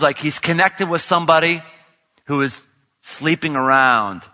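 A man preaching a sermon with a bright, forceful voice pitched a bit high. He swings from shouting to near whispers, and his words ring out in a large hall with long reverb. The sound is a little dull. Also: a little slow. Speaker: pastor.

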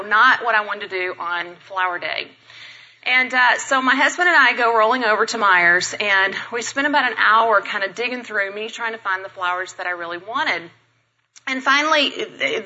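A married woman telling a self-deprecating personal story to a church congregation, animated and acting out the people she quotes. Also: on the high side, lo-fi sound.

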